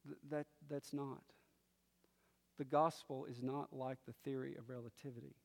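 A man preaching a sermon, moving from quiet musing to loud declaring. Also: medium pitch, fairly even intonation, moderate pace, gravelly, big-room sound. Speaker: pastor.

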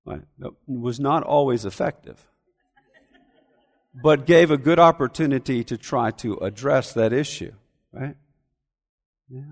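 A man preaching a sermon as pastor, animated and acting out whiny complaints. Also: mid-range voice, unhurried, pauses often, in a large hall. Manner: animated, acts out whining voices.

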